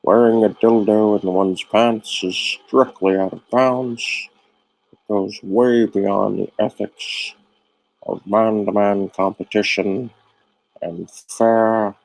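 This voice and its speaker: A man putting on a pompous male prosecutor addressing a jury in a slightly lower voice. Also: steady tone, takes it slowly, gravelly, no echo, rough recording. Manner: pompous, orating.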